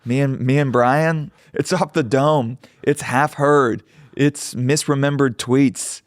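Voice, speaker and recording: A man's voice: medium pitch, steady tone, takes it slowly, no echo, studio quality. A man co-hosting a podcast in casual comedic chat, riffing with wry jokey asides. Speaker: podcast co-host.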